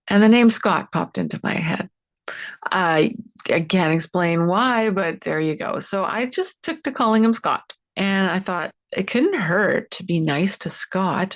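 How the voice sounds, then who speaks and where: A woman telling a personal ghost story as a guest, lively and expressive, acting out the quoted lines. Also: fairly low pitch.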